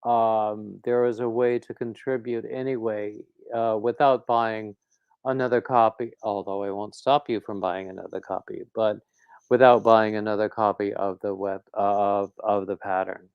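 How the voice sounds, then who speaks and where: A man's voice: lowish voice, little pitch movement, moderate pace, smooth, no room sound, highs cut off. A man hosting a crafting livestream, rambling casually and reading out viewer comments. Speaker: crochet livestream host.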